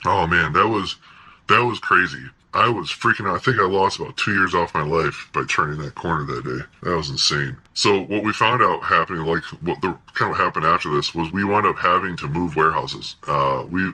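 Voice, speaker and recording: A man recounts a story from his own life in relaxed, profanity-laced vlog talk. His voice is strikingly bright and strained, with a husky, rough grain. He keeps the delivery animated and often breaks into laughter between lines. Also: deep voice, brisk, poor audio. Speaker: vlogger telling a personal story.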